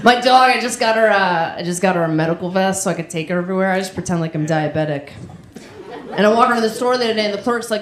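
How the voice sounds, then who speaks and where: A female stand-up comedian in a comedy club telling crude stories that end in deadpan punchlines. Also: medium pitch, fast. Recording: echoey club room with crowd.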